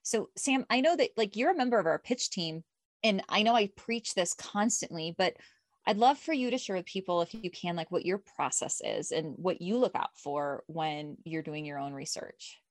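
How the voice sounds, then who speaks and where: A woman from the United States hosting a podcast, talking casually and energetically, a self-described loud extrovert. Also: lowish voice, expressive, moderate pace, dry recording, studio quality. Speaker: podcast host. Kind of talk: casual podcast chat, teaching pitching.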